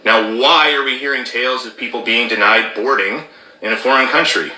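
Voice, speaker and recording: A man's voice: mid-range voice, brisk, pushed and bright, roomy sound, poor audio. A man explaining rules in an emphatic commentary, stressing key words and checking in with "okay?". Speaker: former border officer commentator.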